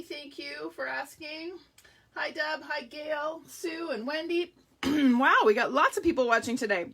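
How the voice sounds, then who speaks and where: A woman with a high-pitched, fairly bright voice leads a live card-making demonstration. She chats to viewers, greeting them by name, with a catch in her throat.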